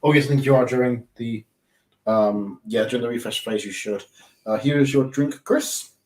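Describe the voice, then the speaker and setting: A man's voice: mid-range voice, normal speed, darkish tone. A man chatting casually and laughing easily while playing a board game with friends. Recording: echoey room.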